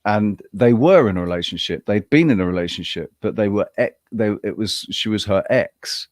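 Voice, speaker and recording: A man co-hosting a podcast, telling a personal story in a rambling, halting way with frequent restarts. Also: on the low side, no echo, clean studio sound. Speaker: podcast co-host. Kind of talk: casual chat.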